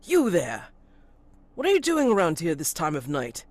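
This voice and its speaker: A stern, broad-shouldered constable barks his questions, as the game master puts him on. His voice rides high and loud, officious and suspicious, in a tabletop role-play. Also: very animated, takes it slowly, no room sound. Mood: barking.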